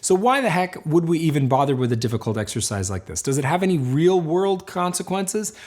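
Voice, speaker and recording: A man teaching a banjo lesson, explaining and encouraging in a calm, clear way. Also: fairly high pitch, fairly quick, faint music behind. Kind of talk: instructional lesson.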